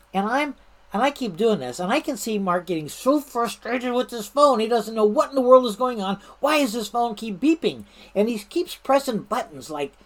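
Amused middle-aged woman telling a prank story. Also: mid-range voice. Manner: lively and amused, laughs while telling, many restarts. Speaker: retired fire service manager telling stories. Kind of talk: casual anecdotal storytelling.

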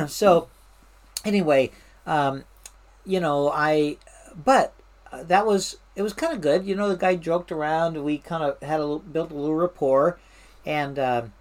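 A woman from Washington State, an interview guest and firefighter, telling animated stories in a casual way with many fillers and restarts. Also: deep voice, a little slow. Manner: animated anecdotes with fillers and restarts, mimics voices. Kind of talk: casual storytelling.

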